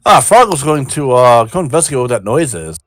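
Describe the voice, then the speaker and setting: A man's voice: mid-range voice, big pitch swings, a little fast. A man playing a tabletop game, counting out his move aloud in a matter-of-fact way. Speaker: player. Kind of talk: casual tabletop play.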